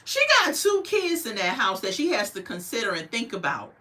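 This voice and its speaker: Animated woman reviewing a TV show. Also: medium pitch, normal speed. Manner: animated, outraged, then emotional and soft. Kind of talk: casual commentary.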